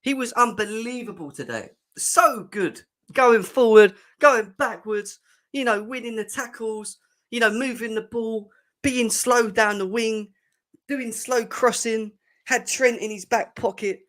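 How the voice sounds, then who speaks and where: Reading chat comments aloud with sarcastic jokes, a young man hosts a fan show livestream reacting to football and bantering casually with the chat. He speaks a little slowly in a high, slightly bright voice.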